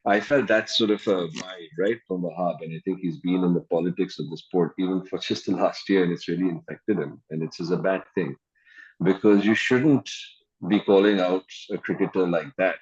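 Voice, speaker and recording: A man's voice: deep voice, moderate pace, breathy edge, dull audio. A man giving emphatic cricket opinions in a podcast discussion. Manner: emphatic, laughs often. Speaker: cricket pundit.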